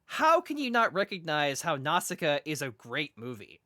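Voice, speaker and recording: A man co-hosting a casual podcast chat, rambling excitedly with lots of fillers and restarts. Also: fairly high pitch, moderate pace, no echo. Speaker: podcast co-host.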